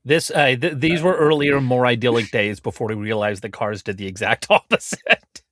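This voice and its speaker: A man co-hosts a relaxed podcast chat. He jokes a lot and stalls often on "uh" fillers. His voice sits at a middling pitch, recorded close and dry. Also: no echo. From Canada. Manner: joking, halting with many "uh" fillers. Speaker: podcast co-host. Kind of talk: casual chat.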